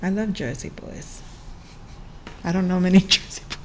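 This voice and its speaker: A woman's voice: lowish voice, moderate pace, background noise. Playful chatty woman reading astrology. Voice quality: playful, chatty, laughs often and sings along. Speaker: astrology reader. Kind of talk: casual tarot and astrology reading.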